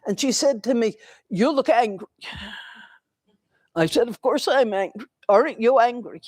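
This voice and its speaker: An older woman giving a dharma talk in a temple, telling a personal story in a slow, reflective way with pauses. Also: a little high, animated, a little mellow, no room sound. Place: temple hall.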